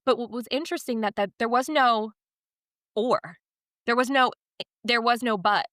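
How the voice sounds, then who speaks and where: A woman's voice: fairly high pitch, moderate pace, long pauses, dry recording, clean studio sound. A young woman on a podcast, telling a personal story in a candid, emotional, confiding way. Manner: emotional, confiding, animated retelling. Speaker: podcast guest.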